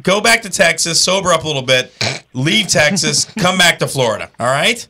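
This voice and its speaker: A man's voice: on the high side, big pitch swings, pushed and bright. A man hosting a casual comedy talk show, teasing a caller and laughing often. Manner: joking, teasing, quick to laugh. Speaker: show host.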